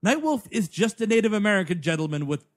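A man with a somewhat high voice recaps a movie's plot for his co-hosts. He is dry and wry, peppering his talk with "like" and quick quoted lines. It is relaxed podcast chatter. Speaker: podcast co-host. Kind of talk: casual comedy podcast banter.

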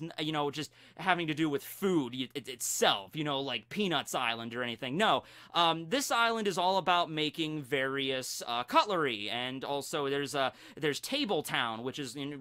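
Guy rambling about a cartoon show, high bright voice, lots of restarts. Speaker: YouTube host. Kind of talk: casual fan commentary.

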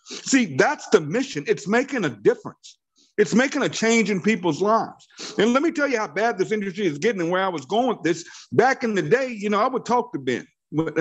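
A network marketing team leader in his fifties delivers a rousing motivational training call to his sales team, his high voice swinging widely with a breathy edge. Fervent and preachy, he drives his points home by repeating phrases.

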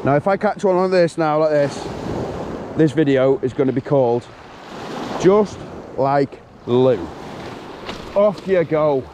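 A man talking to himself and the fish as he shore fishes, in an excited running commentary, recorded outdoors on a beach on an action camera. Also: on the high side, moderate pace. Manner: exclaiming, talks to himself and the fish. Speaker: fishing vlogger. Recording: wind and surf noise outdoors.

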